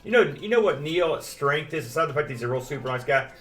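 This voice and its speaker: A man's voice: fairly high pitch, lively intonation, quick pace, fairly bright tone, recorded from a distance. A man co-hosting a live stream, chatting casually and enthusiastically with frequent restarts. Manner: rambling, enthusiastic, many restarts. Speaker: podcast co-host. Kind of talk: casual chat.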